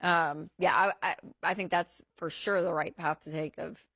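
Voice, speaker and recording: A woman co-hosting a talk show, chatting in an animated way with many fillers and restarts. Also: on the low side, moderate pace, slightly rough, dry recording. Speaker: co-host. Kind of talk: casual talk-show chat.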